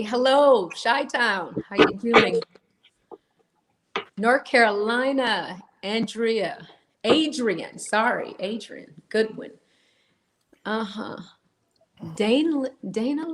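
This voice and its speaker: Slow-talking woman greeting viewers. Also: medium pitch. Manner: chatty, greets viewers warmly, laughs often. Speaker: co-host. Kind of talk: live-stream chat, reading out viewer names.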